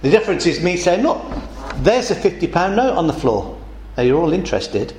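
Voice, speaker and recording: A man's voice: high voice, sing-song, brisk, darkish tone, slight background noise. A man preaching a sermon in a conversational way, asking the congregation questions. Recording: echoey church room.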